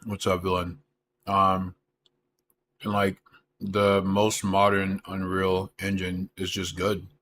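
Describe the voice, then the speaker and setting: A man's voice: deep voice, monotone, slow, long pauses, a bit bright, slight background noise. A male streamer chatting casually in a rambling, filler-heavy way while eating. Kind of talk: casual live-stream chat.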